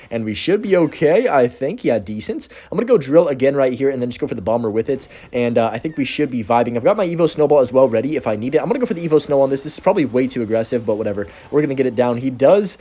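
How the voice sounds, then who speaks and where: A young man rattles off live gameplay commentary at a quick clip, excitable and quick to yelp at close calls. His voice sits on the dark, mellow side. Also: medium pitch, slightly rough. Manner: excitable, talks fast and reacts loudly to the play. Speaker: gaming video creator.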